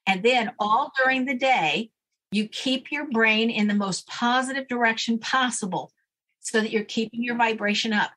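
A woman's voice: fairly high pitch, normal speed, fairly bright tone. A woman guest explaining a daily routine step by step in a firm, instructive way during a casual interview. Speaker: guest, name expert.

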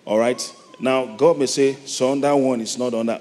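A middle-aged Nigerian man preaching a sermon, moving from soft, reflective storytelling to loud, emphatic calls. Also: mid-range voice, steady tone, moderate pace. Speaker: pastor. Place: large church hall. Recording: long hall reverb, faint noise.

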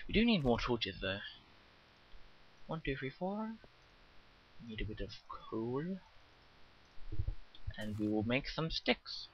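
A British let's play gamer with a lowish voice and lively intonation rambles casually about his game at a moderate pace, pausing often. He chats to viewers and jokes at his own expense, and the recording is slightly muffled with a faint hiss.

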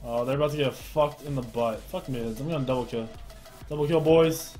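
A young man giving profane, excitable commentary on his own game match. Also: medium pitch, fairly quick, faint music behind. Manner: cocky, profane, excitable trash talk. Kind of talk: casual gameplay commentary.

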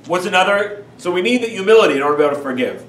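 Rabbi lecturer, male, high voice, emphatic and animated; echoey, distant recording. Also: rapid-fire. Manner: animated, emphatic, rhetorical questions. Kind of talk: lecture on Jewish teachings. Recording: echoey room, far from mic.

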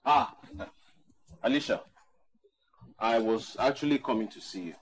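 A man's voice: lowish voice, a little slow, slight background noise, close to an everyday voice. An actor playing an indignant older brother who reproaches his sister-in-law.

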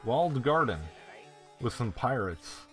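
An excitable male gamer talking through his play in a lively voice that swings up and down, swearing freely. Game music runs clearly underneath him. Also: medium pitch, measured pace. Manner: excitable and profane, swears often. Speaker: gameplay commentator. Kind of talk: casual gameplay commentary.

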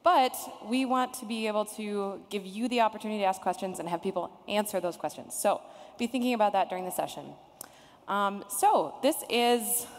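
Woman, panel moderator, chatty, sarcastic, echoey conference hall. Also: mid-range voice. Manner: chatty, sarcastic, laughs often. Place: conference room with audience.

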